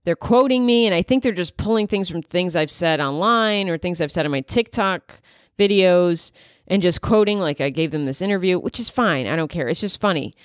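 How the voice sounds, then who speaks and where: A woman's voice: lowish voice, animated, moderate pace, dry recording, studio quality. A woman in her thirties, a comedian hosting her own podcast, riffing in a wry, candid monologue full of asides. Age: 30s.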